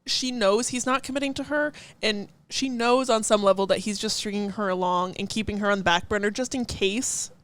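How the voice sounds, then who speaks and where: A woman's voice: medium pitch, a little fast, few pauses, clean tone. A woman co-hosting a podcast, chatting casually with lots of giggles and rambling asides. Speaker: podcast co-host. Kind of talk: casual chat.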